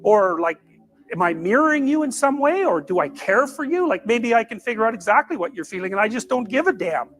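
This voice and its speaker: A man on a podcast doing a comic impression of an earnest male psychologist, with a high, strained voice that cracks as he muses through questions. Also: very animated, a little fast, a bit bright, soft background music. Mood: mock-earnest.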